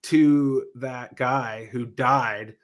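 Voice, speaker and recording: A man's voice: mid-range voice, steady tone, drawn-out words, dull audio. A man hosting a casual podcast panel discussion, rambling, swearing freely and trailing off mid-sentence. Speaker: podcast host.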